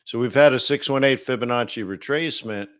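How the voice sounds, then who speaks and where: A man's voice: mid-range voice, a little fast, smooth, dry recording. Man, live-stream market host, casual, rambling, many fillers, dry close sound.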